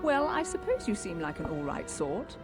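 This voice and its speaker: A woman's voice: on the low side, big pitch swings, moderate pace, over music. An actress voicing a wary young woman in hiding in a video game, speaking with a British accent in a guarded, clipped way.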